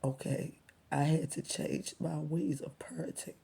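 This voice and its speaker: A woman talks to her subscribers in a hushed, halting way, her voice rough and gravelly with a heavy, breathy huskiness. She sounds close to tears, pausing often and slipping into near-whispers. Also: low voice, steady tone. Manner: soft, halting, often near a whisper, with many pauses and ums. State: holding back tears. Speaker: vlogger speaking to her subscribers. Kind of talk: emotional personal storytelling.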